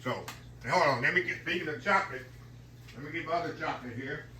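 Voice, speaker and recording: Chatty Southern man, bright folksy voice. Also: a little high, quick pace, slight background noise. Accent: Southern American. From Southern United States. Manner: folksy, chatty, keeps addressing viewers as y'all. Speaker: cooking vlogger. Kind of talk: casual cooking vlog. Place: home kitchen.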